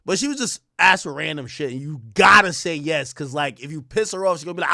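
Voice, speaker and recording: A man's voice: fairly high pitch, lively intonation, fast talker, gravelly, pushed and bright, dry recording, studio quality. A young man hosting a podcast, telling a long personal story in casual, profane talk and quoting others in his own voice. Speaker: podcast host.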